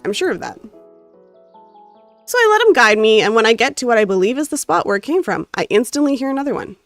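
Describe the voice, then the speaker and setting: Her pitch is fairly high now, with big swings, a quick pace, and a somewhat bright sound over soft background music. The North American woman keeps reading her visual novel's story aloud expressively, breaking off to talk casually with chat.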